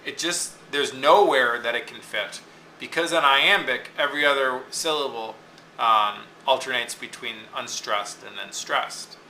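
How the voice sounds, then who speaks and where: Bright-voiced man teaching in an echoey room. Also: mid-range voice, a little slow, slight background noise. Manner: patient, explains step by step, checks in with "okay?". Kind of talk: classroom lecture on poetic meter.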